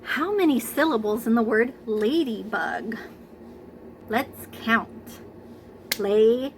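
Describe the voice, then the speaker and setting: A woman teaching a preschool class, speaking gently and encouragingly, stretching out words for the children to clap along. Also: a little high, animated, takes it slowly, a little hiss or hum, rough recording. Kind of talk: slow, sing-song lesson for young children.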